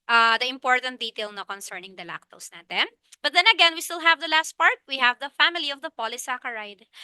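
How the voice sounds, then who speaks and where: A young Filipino-accented woman teaches a review class in a high, bright voice that rings clean and crisp. She keeps it lively, mixing Tagalog and English and asking questions as if she were a student. The sound is dry and close. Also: dry recording. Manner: lively Taglish teaching, poses questions as students then answers. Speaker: lecturer. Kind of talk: online review lecture.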